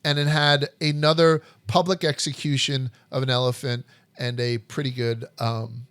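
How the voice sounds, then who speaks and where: A man's voice: mid-range voice, little pitch movement, normal speed, a bit bright, clean tone, dry recording. A man hosting a history podcast, telling stories in a blunt, profane, joking way. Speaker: podcast host. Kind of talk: casual history chat.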